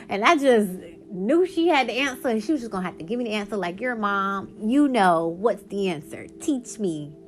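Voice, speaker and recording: Chatty excitable woman podcaster. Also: medium pitch. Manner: chatty, excitable, laughs often, slows down reading lists. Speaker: podcast host. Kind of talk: casual solo podcast chat.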